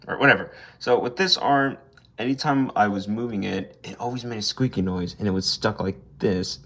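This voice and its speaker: There's background noise as a young man with a fairly low voice rambles through an unscripted review of an action figure. The toy reviewer swears freely and doesn't hold back his blunt gripes.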